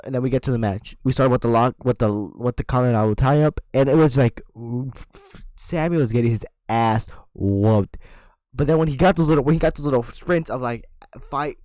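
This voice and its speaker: A man rattles through a wrestling recap in an excitable, rambling way, full of restarts and punchy sound effects. His voice sits in an ordinary middle pitch. The sound is dry and close, with no room around it. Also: no echo. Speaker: wrestling reviewer.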